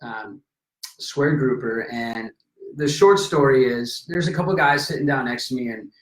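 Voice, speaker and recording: A man in casual conversation telling a story with lively energy, acting out the people in it. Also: medium pitch, moderate pace. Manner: animated, acts out voices in anecdotes. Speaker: podcast guest. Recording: roomy echo.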